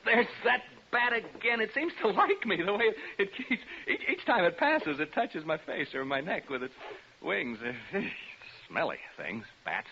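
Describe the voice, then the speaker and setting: Jittery rambling radio DJ. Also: male voice, high voice, big pitch swings, a little slow, bright, forceful tone, a little hiss or hum, exaggerated voice. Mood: nervous joking. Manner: rambling, jittery, talks to himself and hums a tune. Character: radio DJ alone in a haunted house, rambling and rattled. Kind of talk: 1940s radio acting. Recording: muffled 1940s radio recording.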